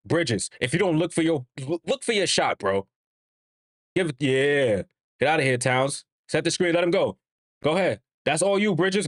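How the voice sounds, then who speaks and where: With a slightly high voice and moderate pace, a man casually narrates a game live for fans watching along. He's excitable, shouts encouragement to the players, chats with his viewers and laughs frequently, all in studio-quality sound with no room echo.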